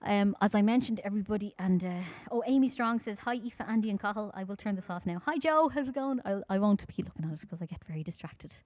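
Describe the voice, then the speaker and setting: A woman from Ireland with a Dublin accent, chatting quickly and informally with her audience between songs at a live-streamed concert. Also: medium pitch, lively intonation, darkish tone, dry recording. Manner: talks fast, chatty and informal, with many fillers.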